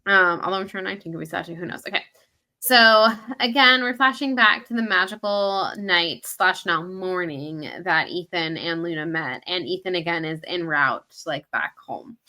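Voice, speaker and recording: Bright, low-pitched woman co-host. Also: normal speed. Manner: analytical, thinking aloud about the characters. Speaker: podcast co-host. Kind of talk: casual book discussion.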